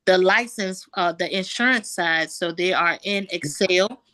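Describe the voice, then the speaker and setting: Woman, bright voice, animated storyteller on a video call. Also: lowish voice, unhurried. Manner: animated storytelling, quoting others. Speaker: insurance agent sharing a win. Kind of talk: casual group call testimony.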